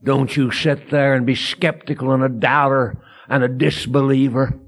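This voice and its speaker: A man preaching a fervent, folksy sermon and telling a story that builds to shouted emphasis. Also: medium pitch, little pitch movement, moderate pace. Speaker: evangelist preacher.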